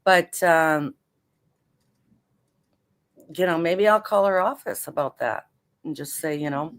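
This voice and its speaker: An older woman from Canada with a low voice talks as a guest on an interview show. She rambles in a relaxed, chatty way, full of asides and fillers, drawing on years as a prosecutor. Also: slow, pauses often. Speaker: retired federal prosecutor, guest. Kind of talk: casual interview chat.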